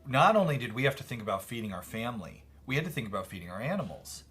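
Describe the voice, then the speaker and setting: Man, from Connecticut, homestead podcast co-host, casual chat, animated delivery. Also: medium pitch, slightly rough. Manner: animated, laughs often, drawn-out emphasis.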